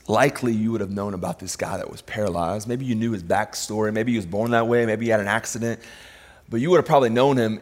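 A male pastor preaching a sermon in a relaxed, conversational way, often repeating words as he thinks aloud. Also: medium pitch. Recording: long reverb of a large hall.

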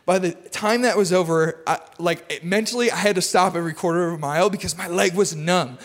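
Male pastor, high voice, easygoing jokey sermon delivery in a reverberant church hall. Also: brisk. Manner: energetic, chatty, self-deprecating humor. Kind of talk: casual sermon. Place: church auditorium.

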